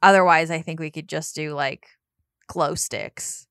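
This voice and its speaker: A woman's voice: sits low, fairly even intonation, measured pace, fairly bright tone, smooth, no echo, clean studio sound. A woman co-hosting a podcast in casual chat, talking in a chatty, giggly way and trailing off with fillers. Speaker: podcast co-host.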